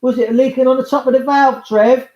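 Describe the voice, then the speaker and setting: A man's voice: extremely high pitch, fairly even intonation, fairly quick, darkish tone. A man, rambling chattily to viewers in a casual livestream monologue. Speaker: livestream host. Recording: roomy, slightly dull sound.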